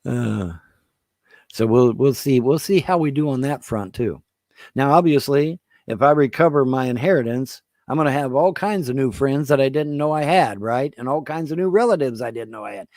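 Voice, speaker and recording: A man's voice: medium pitch, lively intonation, normal speed, a little mellow, no room sound, studio quality. A man rambling casually to his viewers, swearing and laughing often. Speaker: online video host.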